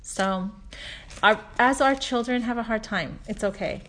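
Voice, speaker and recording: A woman's voice: fairly high pitch, a little slow. Chatty mother telling a faith story. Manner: chatty storytelling, warm earnest asides with soft laughs. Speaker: mother sharing faith lessons. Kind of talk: casual religious talk.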